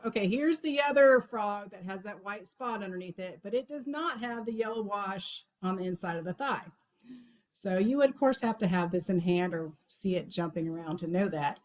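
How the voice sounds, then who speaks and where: A woman's voice: medium pitch, rough recording. Chatty woman presenting on frog calls. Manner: chatty, enthusiastic, many fillers. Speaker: wildlife outreach coordinator.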